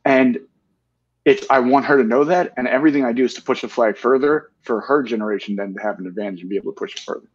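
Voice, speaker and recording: A man's voice: medium pitch, fast talker, slightly rough, dull audio. A man in his forties as an interview guest, speaking earnestly in candid talk and often tagging his points with "right?". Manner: earnest, tag questions with "right?".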